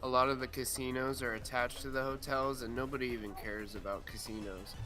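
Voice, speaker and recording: A man in casual group talk on a live stream, explaining in halting, restarted phrases. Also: medium pitch, little pitch movement, music in the background. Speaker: stream participant.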